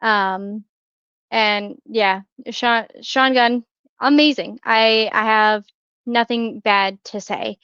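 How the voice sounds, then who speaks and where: Chatty woman host, smooth dry voice. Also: fairly high pitch, steady tone, slow, a bit bright, dry recording, lo-fi sound. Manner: chatty, many fillers and restarts, laughs often. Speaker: podcast co-host. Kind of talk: casual chat.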